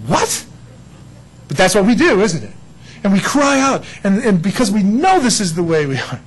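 A man preaching a sermon as pastor, lively and conversational, acting out little dialogues with God. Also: high-pitched, normal speed, slight background noise, low-quality recording.

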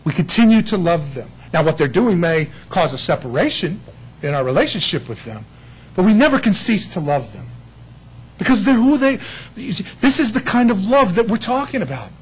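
A man's voice: high-pitched, big pitch swings, moderate pace, breathy edge, poor audio. A man preaching a sermon, telling stories with laughter and acted-out quotes. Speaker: pastor.

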